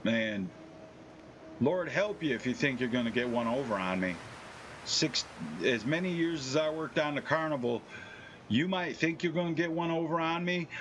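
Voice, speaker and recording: Male live streamer, slightly high voice, swaggering profane talk, faint noise behind. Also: a bit bright. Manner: profane, boastful storytelling. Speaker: game streamer. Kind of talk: casual live-stream chat.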